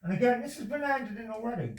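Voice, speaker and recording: Man, high animated voice, rambling and insistent; recorded off-mic in an echoey room with faint noise. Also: fast talker, gravelly, recorded from a distance. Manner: rambling and insistent, repeats himself. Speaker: resident talking to a visitor. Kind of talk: casual conversation. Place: indoors at his home.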